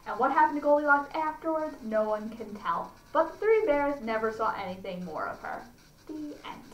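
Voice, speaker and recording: A woman at a library reading a fairy tale aloud to children, pausing to comment and ask them questions. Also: high-pitched, slight background noise. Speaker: library storyteller. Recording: roomy, distant mic, faint ambience.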